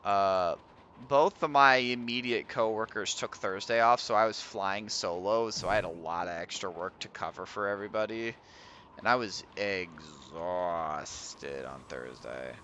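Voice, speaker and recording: A man's voice: low voice, a little slow, bright, forceful tone, a little hiss or hum. A young man with a Midwestern American accent chatting casually with viewers while streaming a game, laughing often and trailing off as he reads.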